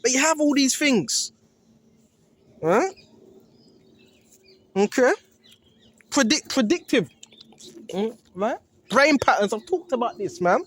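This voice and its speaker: A man with a strikingly high voice delivers an informal sermon. He is earnest and insistent, and keeps checking in with his listeners with a "right?" after nearly every point. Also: expressive, takes it slowly, long pauses, a bit bright. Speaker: preacher. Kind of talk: informal preaching to camera.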